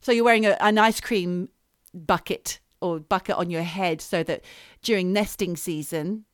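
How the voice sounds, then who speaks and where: A woman's voice: fairly low pitch, normal speed, smooth, no room sound, studio quality. A woman co-hosting a podcast from her home near London, joking playfully with her co-host in a casual chat.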